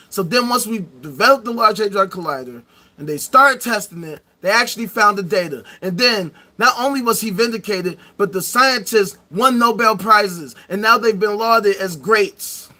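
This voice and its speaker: Brief: male live-stream host, high bright voice, profane mocking rant with bursts of shouting. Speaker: streamer hosting a live debate show.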